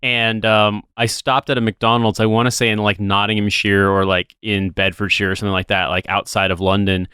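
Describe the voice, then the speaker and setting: An American man talking loosely on a podcast, wandering from one aside to the next and dropping the odd curse. His voice is smooth and clear, and it sounds close and dry. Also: fairly low pitch, level tone, brisk, few pauses, pushed and bright, no room sound. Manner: rambling, swears casually, tries silly voices. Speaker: podcast co-host. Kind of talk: casual podcast chat.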